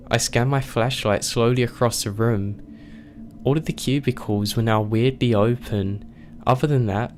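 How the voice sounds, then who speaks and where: A man reading a scary story aloud as scripted narration, telling it slowly and with suspense. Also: on the low side, darkish tone, slight background noise.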